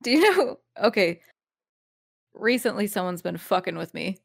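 A woman co-hosting a podcast, giggly and expressive as she chats. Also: mid-range voice, moderate pace, creaky. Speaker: podcast co-host. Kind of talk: casual podcast chat.

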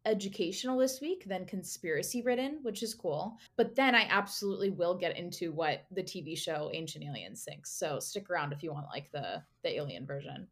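A woman's voice: on the low side, expressive, brisk, hardly any pauses. A young woman co-hosting a casual podcast, telling a story in a chatty, giggly way, full of fillers and asides. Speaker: podcast co-host presenting the topic.

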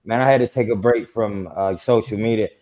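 A man's voice: lowish voice, a little fast, a crowd in the background. Easygoing man co-hosting a podcast. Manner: relaxed, easygoing. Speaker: podcast co-host. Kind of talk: casual fan podcast chat.

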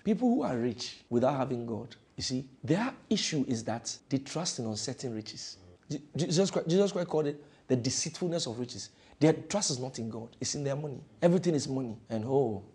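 A male pastor preaching a fervent sermon in a church, repeating phrases and swinging between loud declarations and hushed lines. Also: mid-range voice, animated, fairly quick, breathy edge.

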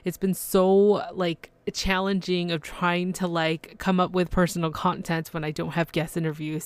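Excitable low-voiced woman host. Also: clean tone, no room sound. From Canada. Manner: excitable, gushing, many fillers and restarts. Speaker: podcast host. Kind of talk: casual solo podcast chat.

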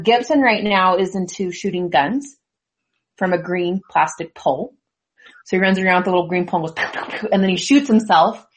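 Chatty woman reminiscing casually. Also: on the low side. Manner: chatty, rambling with fillers. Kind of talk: casual group chat.

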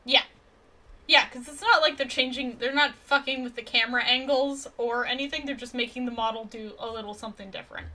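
Upbeat woman on a movie podcast, bright sharp voice, a bit high, agrees a lot. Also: steady tone. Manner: enthusiastic, quick to agree, playful. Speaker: podcast co-host. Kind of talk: casual film review chat.

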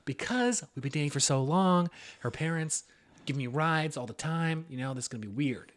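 A young man co-hosting a podcast, telling a story in relaxed casual chat and swearing now and then. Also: fairly high pitch, normal speed. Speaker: podcast co-host.

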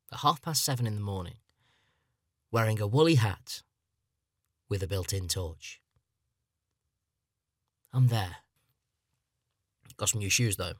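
A man's voice: fairly low pitch, a bit bright, slightly rough, no room sound, studio quality. A man, hosting a solo podcast in a rambling, self-mocking, chatty way. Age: 30s. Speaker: podcast host. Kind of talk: comedic solo podcast monologue.

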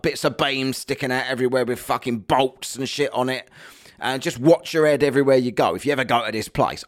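A man telling a comic, sweary rant about a holiday trip, exasperated and mocking. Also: medium pitch. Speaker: vlogger.

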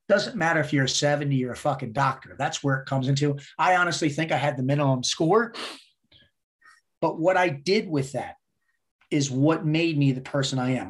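Middle-aged man, guest storyteller; blunt, swears freely, animated, fairly high voice. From United States. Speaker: podcast guest. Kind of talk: casual storytelling interview.

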